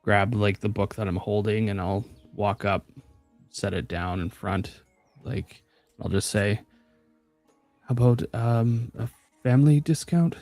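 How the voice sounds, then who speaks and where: A shy, halting young man speaks in slow, uncertain bursts, played by a man. The sound is close and dry. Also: fairly low pitch, darkish tone, no echo, faint music behind. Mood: hesitant. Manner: hesitant, many ums. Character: timid, quiet young human man.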